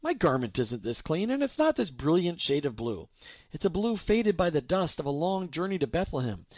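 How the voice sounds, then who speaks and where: A man's voice: fairly high pitch, sing-song, moderate pace, darkish tone, no echo. A man voicing a pleading young Mary. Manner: pleading, voice breaking. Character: teenage girl Mary, frightened, pleading mother.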